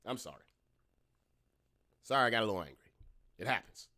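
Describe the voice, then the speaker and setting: Man podcast host, blunt and profane, lively swinging pitch, dry close mic. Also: brisk, no room sound. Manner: blunt, profane, swings from calm to loud ranting. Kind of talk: casual ranting podcast talk.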